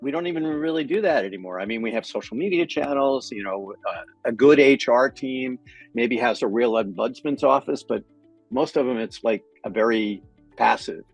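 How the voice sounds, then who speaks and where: Husky-voiced man co-hosting a chat. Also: medium pitch, normal speed, no room sound, faint music behind. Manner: animated storyteller, acts out quotes, swears casually. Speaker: podcast co-host. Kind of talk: casual business chat.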